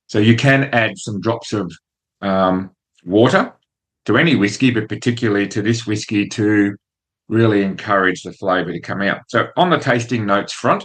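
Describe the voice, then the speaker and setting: A man's voice: on the low side, moderate pace. A man hosting a whisky show, talking casually with fillers and restarts. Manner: chatty, relaxed, with fillers and restarts. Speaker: host.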